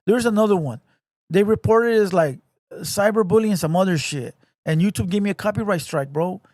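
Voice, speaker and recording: A man with a notably high speaking voice tells a story on his livestream, loose and profane, full of slang and repeated phrases. His voice sits dry and close, with no room sound around it. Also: brisk, no echo. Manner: profane, slangy, animated retelling; repeats phrases, addresses listener as bro. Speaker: livestream host.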